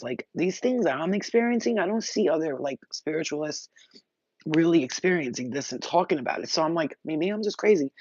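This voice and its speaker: A woman spiritual reader talks straight to her viewers in an excited, rambling way, worked up and emotional, with a casual curse here and there. The recording is dry and close, with a slightly dull, muffled sound. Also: sits low, no echo. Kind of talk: emotional channeled message to viewers.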